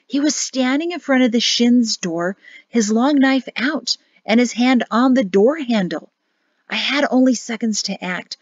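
A woman's voice: fairly high pitch, a little slow, no echo, dull audio, pitched above the performer's own voice. A woman reading as a grim, earnest forest guard. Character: male forest guard, grim yet apologetic.

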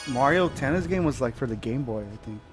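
A man's voice: medium pitch, lively intonation, a little fast, music in the background. A man chatting casually and joking crudely while playing a video game. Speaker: gamer co-host. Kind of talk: casual let's-play chat.

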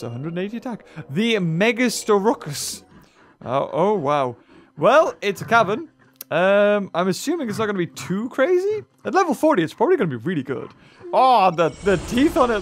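A man hosting a let's-play, rambling excitably as he thinks aloud and corrects himself. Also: sits high. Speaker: gaming channel host. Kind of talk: let's-play game commentary.

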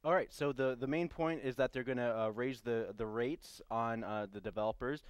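A man's voice: mid-range voice, moderate pace, clear, resonant tone, dry recording. Casual male morning show host, dry sound. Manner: relaxed, with frequent uh and um. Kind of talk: casual local news talk.

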